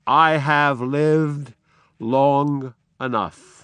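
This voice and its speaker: A man voicing a defiant, doomed tyrant king, reciting his lines slowly in a raised declamatory voice. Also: mid-range voice, a bit bright, clean tone, no room sound, voice pushed up.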